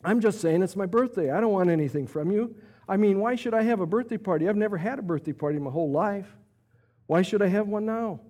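A man voicing a weary middle-aged woman, hurt but gentle, who speaks in a hesitant, pleading way. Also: sits high, fast talker, pitched above the performer's own voice.

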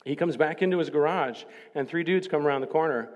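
A man preaching as a pastor, joking casually with the congregation before slowing down to read scripture solemnly. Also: a little high, in a large hall, lo-fi sound. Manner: chatty and joking, then slow solemn scripture reading. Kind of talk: sermon. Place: church sanctuary.

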